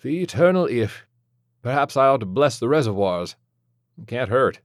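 A man's voice: mid-range voice, very animated, moderate pace, no echo. A man narrating a scripted first-person story in a sardonic, dryly witty manner. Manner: sardonic, dry wit.

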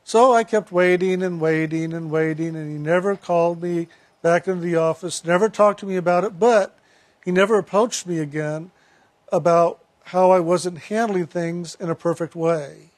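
A man's voice: sits high, steady tone, moderate pace. A man earnestly telling a personal story, retelling a conversation step by step.

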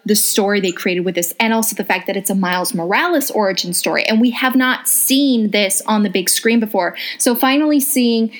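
A woman co-hosting a podcast in casual chat, excitable and quick to laugh, swearing freely. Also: medium pitch. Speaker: podcast co-host.

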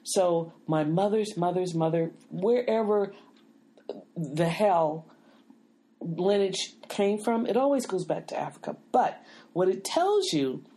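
A woman podcast host speaks slowly in a warm, expressive, lowish voice. During the casual chat she insistently keeps talking, using "wait a minute" and asking to finish her point.

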